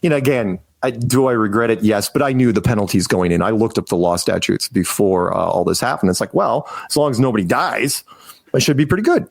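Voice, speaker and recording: A man's voice: fairly low pitch, a little fast, gravelly, no room sound. Rambling man telling a story. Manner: rambling, with many restarts and acted-out quotes. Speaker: podcast guest. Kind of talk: casual storytelling in an interview.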